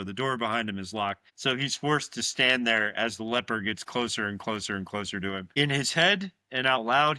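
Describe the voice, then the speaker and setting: A male podcast co-host walks through the scenes of a horror film. His very bright, sharp voice keeps the story moving. He often pauses to check that his listener agrees. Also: mid-range voice, no echo. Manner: animated storytelling, quick asides seeking agreement. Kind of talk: casual horror film recap.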